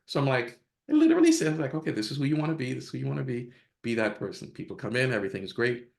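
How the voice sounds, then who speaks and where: Casting: man, podcast guest, candid storyteller, casual, laughs easily, average pitch. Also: sing-song, racing, creaky, a little mellow. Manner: candid, laughs at own stories, acts out quotes.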